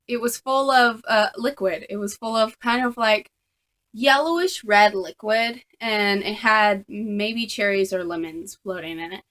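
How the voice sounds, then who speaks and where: A young woman telling a casual storytime vlog to a camera on a tripod. She talks in an animated, chatty way with lots of fillers. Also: medium pitch, unhurried. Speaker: vlogger.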